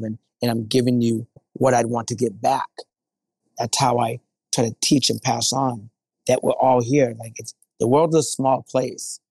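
A man's voice: mid-range voice, no echo. A middle-aged man talking earnestly in a casual interview, often acting out what others said to him. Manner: earnest, quotes others in animated voices. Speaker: guest. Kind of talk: casual conversation.

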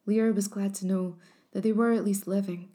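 A woman narrating an old legend in a measured, solemn storytelling style. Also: mid-range voice, fairly even intonation, mellow.

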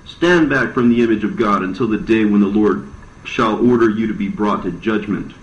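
A man's voice: on the low side, normal speed, close to an everyday voice. A man voicing a stern young son rebuking a beast in a storybook reading, commanding, in a roomy, dull recording.

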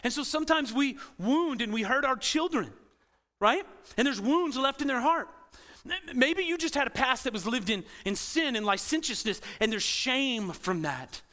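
A male pastor preaching a sermon in a church with a bright, cutting tone. His voice sits high for a man. He swings between loud emphatic bursts and hushed, intense passages. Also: expressive, normal speed. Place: church sanctuary.

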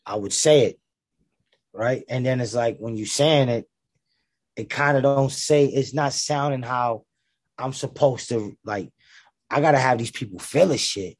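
Laid-back gravelly-voiced rapper man. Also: medium pitch, unhurried, no echo. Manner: laid-back, heavy slang, many fillers. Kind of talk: casual interview talk.

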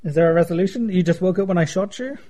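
A man's voice: high-pitched, racing, mellow. A man co-hosting a casual comedic podcast, rambling through stories with dry jokes. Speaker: podcast co-host.

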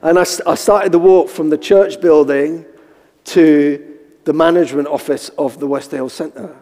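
A man's voice: steady tone, normal speed, warm tone. Man preaching in a reverberant hall. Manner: storytelling, acting out quotes with high squeaky voice for himself. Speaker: pastor. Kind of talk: sermon with personal stories.

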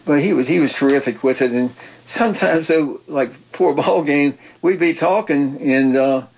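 An older man, a retired football coach telling stories in a halting, folksy way, often repeating words. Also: a little high, gravelly, low-quality recording. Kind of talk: casual interview chat.

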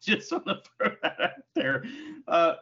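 A man co-hosting a casual podcast review, talking in an animated, jokey way with plenty of swearing. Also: on the high side, unhurried, slightly rough, muffled recording. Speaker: podcast co-host. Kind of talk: casual wrestling review chat.

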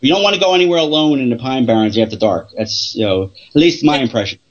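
A man who investigates the paranormal, talking through his stories in a halting way with many restarts and fillers. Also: mid-range voice, animated, highs cut off. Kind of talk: casual interview storytelling.

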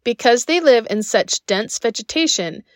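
A woman's voice: fairly high pitch, expressive, moderate pace, dry recording. A woman hosting a podcast, reading scripted narration in a friendly, enthusiastic way with chatty personal asides. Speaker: podcast host.

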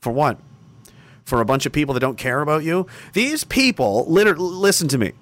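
A man hosting a livestream rants angrily in a slightly high voice at a moderate pace, his pitch swinging widely. He's heavily profane and mockingly sarcastic, breaking into bursts of mocking shouting.

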